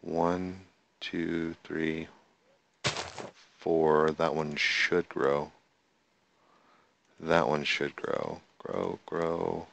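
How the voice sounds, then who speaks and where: A man hosts a gameplay video, chatting to himself, counting aloud and talking to the on-screen animals. His rumbling low voice is level, extremely slow and fry-laden, with frequent pauses over a noisy background.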